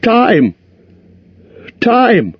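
A man voicing a small, nervous male hobbit in an audiobook, speaking higher and strained as he tries to sound bold. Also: huge pitch swings, extremely slow, breathy edge, no room sound, dull audio, heavily acted. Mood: frightened. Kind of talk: audiobook character voice.

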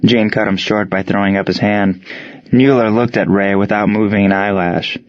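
A man narrating a story in even, steady scripted narration. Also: lowish voice, moderate pace, dry recording. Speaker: audiobook narrator. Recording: dry, dull lo-fi sound.

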